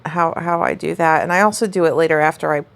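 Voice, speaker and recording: A woman talks through a home recipe in a relaxed, rambling way, full of "um" and "like". Her voice sits a little low and has a gravelly edge. She sounds easygoing as she explains each step. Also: fast talker. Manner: chatty, rambling, many fillers. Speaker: home cook showing a recipe. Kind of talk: casual cooking demonstration.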